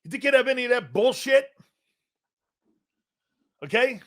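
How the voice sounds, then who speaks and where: A man's voice: very high voice, expressive, measured pace, a bit bright. A man hosting a sports talk stream, ranting casually in a brash, profane, teasing way.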